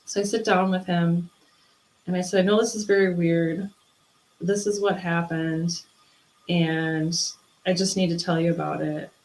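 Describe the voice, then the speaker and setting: A woman's voice: on the low side, steady tone, measured pace, a little mellow, reverberant, poor audio. A woman, an interview guest, telling a personal story in casual chat and acting out the voices she quotes. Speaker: interview guest, spiritual medium.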